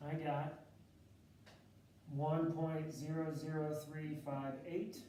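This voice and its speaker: A man with a fairly high voice teaches a math class, talking through each step of a loan problem in a relaxed, casual way. He sounds distant from the microphone, and the classroom echoes heavily around him. A faint hiss of room noise sits underneath. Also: takes it slowly. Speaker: math instructor. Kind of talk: classroom lecture.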